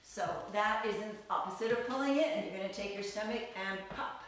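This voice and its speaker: A woman's voice: medium pitch, brisk, a bit bright, distant mic, a little hiss or hum. A woman teaching a live online belly dance class, counting beats in a sing-song voice and explaining moves in a chatty, upbeat way, recorded by a camera mic across the room in a studio. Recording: echoey room, voice from away from the mic, music playing. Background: dance music.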